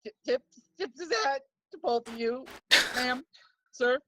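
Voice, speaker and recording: A woman's voice: sits high, moderate pace, noisy background. A woman narrating as dungeon master in a laid-back way, laughing and using lots of fillers. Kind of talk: narrating a tabletop game.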